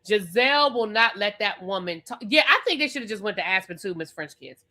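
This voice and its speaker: Woman doing a reality tv recap, emphatic, keeps repeating herself, cusses, bright voice. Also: mid-range voice, lively intonation, brisk. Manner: emphatic, repetitive, swears freely. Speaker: TV review vlogger.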